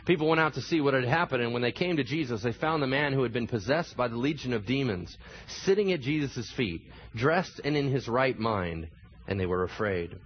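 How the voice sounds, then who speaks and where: A man preaching a sermon as a pastor, animated and acting out the voices of people in the story. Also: medium pitch, breathy edge, muffled recording.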